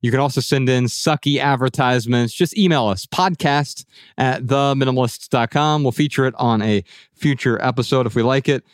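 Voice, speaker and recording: A male podcast host with a middle-pitched voice talks in a steady, practical way. He lays out ideas clearly. The sound is dry and close. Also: a little fast, no echo. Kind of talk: casual podcast discussion.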